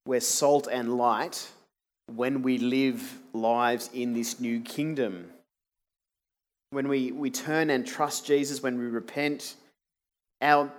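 A man preaching a sermon, earnest and emphatic, asking the congregation rhetorical questions. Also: mid-range voice.

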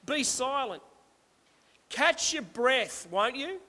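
A man's voice: very high voice, animated, slow pace, sharp tone. A pastor preaching a sermon with emphasis, slipping in rhetorical asides to his listeners. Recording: long reverberant hall.

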